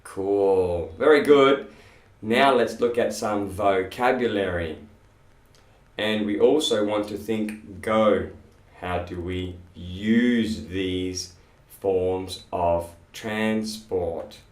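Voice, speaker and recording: A man teaching English pronunciation in a classroom, slowly drilling sounds and words with lots of repetition. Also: on the low side. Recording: echoey room, voice from far off.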